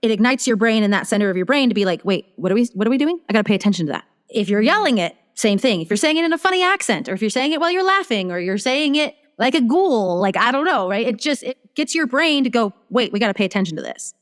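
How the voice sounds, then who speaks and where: Fast-talking woman in a reverberant room. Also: fairly high pitch. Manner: animated, acts out her own inner dialogue. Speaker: guest business strategist. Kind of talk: casual storytelling interview.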